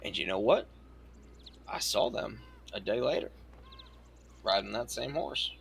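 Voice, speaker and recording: A man roleplaying in character, spinning a profane, animated story full of quoted dialogue. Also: fairly low pitch, measured pace, creaky, a little hiss or hum.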